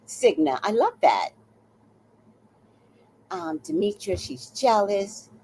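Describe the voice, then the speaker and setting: A woman's voice: medium pitch, slow, vocal fry, a little hiss or hum, poor audio. A woman in her sixties hosting a live stream, chatting casually and telling stories with laughter and the odd swear word. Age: 60s. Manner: animated, laughing storyteller who swears casually. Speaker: livestream host.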